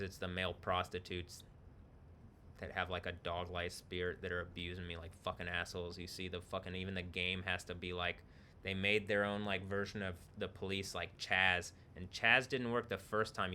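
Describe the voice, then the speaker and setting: Guy ranting on his own livestream, swears a lot, kinda low voice but super bright and crisp. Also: level tone, moderate pace, a little hiss or hum. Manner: profane, rambling, laughs between remarks. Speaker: streamer. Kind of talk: rambling solo livestream talk. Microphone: computer microphone.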